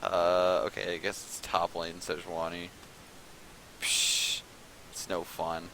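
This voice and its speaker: A man hosting casual commentary on a video game match, chatting and rambling in a relaxed way. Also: deep voice, slow pace, a little hiss or hum, poor audio. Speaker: esports caster.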